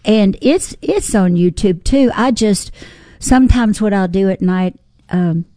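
Older woman, storytelling guest, animated, mellow tone, dry close sound. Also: medium pitch, measured pace, dry recording. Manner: animated, folksy storyteller acting out quotes. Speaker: singer-songwriter guest. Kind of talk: storytelling interview.

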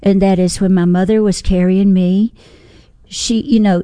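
An older woman, a singer-songwriter, telling lively personal stories in an interview, acting out what others said. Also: medium pitch, normal speed, clean tone, no room sound. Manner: animated, folksy storyteller acting out quotes. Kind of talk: storytelling interview.

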